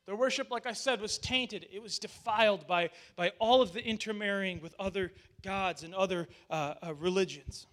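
High-voiced pastor preaching a lively sermon. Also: male voice, moderate pace, few pauses. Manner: animated, addresses the congregation directly; conversational asides with restarts.

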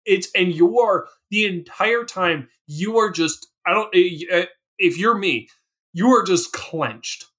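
A man's voice: high-pitched, slow, fairly bright tone, husky. A man co-hosting a podcast, reacting animatedly and laughing often during a casual movie chat. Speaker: podcast co-host.

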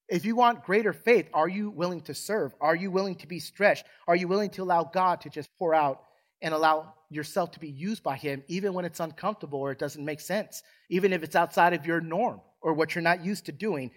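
A man preaching a sermon as pastor in a church, asking the congregation questions and calling for amens. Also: fairly high pitch. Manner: preaches with rhetorical questions and call-and-response. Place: church sanctuary.

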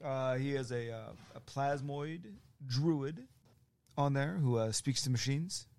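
A man's voice: medium pitch, a little slow, darkish tone, no echo. Giggly man playing a tabletop game. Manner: giggly, playful, trails off into laughter. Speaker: player. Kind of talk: casual chat at a tabletop game.

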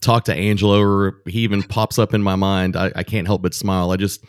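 A man hosting a casual podcast, his voice sitting on the low side. He sounds upbeat and encouraging, and the recording is dry and close, with no room sound around him. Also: flat delivery, a little fast, no room sound. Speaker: podcast host.

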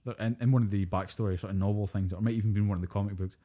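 Guy rattling off game talk fast, lowish voice, swears a lot, acts out the bits. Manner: animated storyteller, swears freely, acts out quotes. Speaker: podcast co-host. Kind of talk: casual chat about video games.

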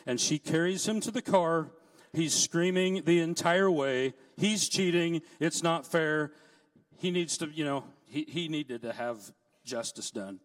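A middle-aged man preaching a sermon, telling stories in a lively way with joking asides. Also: a little high, unhurried, far from the mic. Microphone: handheld mic, set down at times.

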